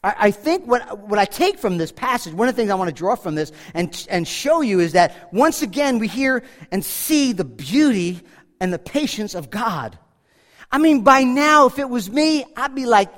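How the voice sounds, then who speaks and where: A man's voice: extremely high pitch, very animated, normal speed, a bit bright. A pastor preaching a sermon, talking casually with asides and humor as he walks through a passage. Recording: hall reverb.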